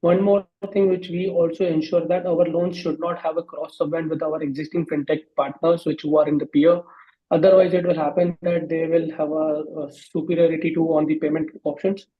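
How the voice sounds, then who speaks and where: A man, speaking as a panelist over a video call. His voice sits a little high, and the call audio is dull and lo-fi. He talks haltingly, with many fillers and restarts. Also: little pitch movement.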